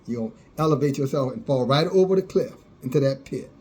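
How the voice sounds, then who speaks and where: A man's voice: medium pitch, expressive, quick pace, a little mellow. A man preaching a fiery sermon, scornful and sarcastic, often laughing at those he criticizes.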